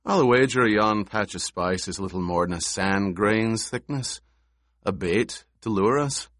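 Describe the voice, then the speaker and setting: Guy reading a gruff old warrior in a storybook, blunt, low voice, dry sound. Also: measured pace, fairly bright tone, no room sound. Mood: earnest. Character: older male warrior, gruff loyal veteran.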